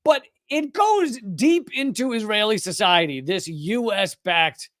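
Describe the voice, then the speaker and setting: A man's voice: high voice, animated, unhurried, fairly bright tone, no echo, studio quality. A man hosting a live-streamed commentary show, rambling and correcting himself, with sarcastic asides. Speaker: political commentator host.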